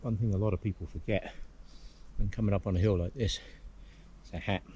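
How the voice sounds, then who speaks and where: A man's voice: lowish voice, fairly even intonation, fairly quick, dark tone, dull audio, a little hiss or hum. A man with an English accent musing aloud to the camera as he hikes on a hillside. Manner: rambling, musing aloud with many hums. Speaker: hiking vlogger. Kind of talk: casual outdoor vlog commentary. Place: outdoors on a hillside.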